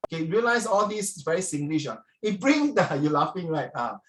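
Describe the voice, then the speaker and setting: A man with a Singaporean accent teaching a social studies class, animated and jokey, slipping into Mandarin and mimicking Singlish phrases. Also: on the high side, a little fast, few pauses. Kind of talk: classroom lesson.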